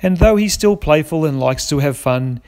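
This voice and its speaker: Male narrator, slightly higher voice, rhythmic rhyming picture-book reading. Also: expressive, normal speed, a little mellow. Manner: lilting, rhythmic rhyme reading.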